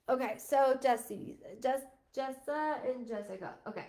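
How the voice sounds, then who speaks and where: A woman's voice: a little high, a little slow, vocal fry, few pauses, warm tone, a little hiss or hum. A woman working as a psychic medium on a live stream, talking in a rambling, casual way that keeps breaking off and restarting, with frequent laughter. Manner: rambling, self-interrupting, laughs often.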